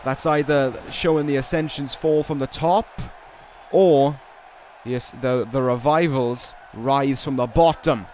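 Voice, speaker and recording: A man giving play-by-play commentary over a wrestling video game, with casual, rambling asides and restarts, and excited calls on big moves. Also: mid-range voice, a little slow, slight background noise. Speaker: gaming video host.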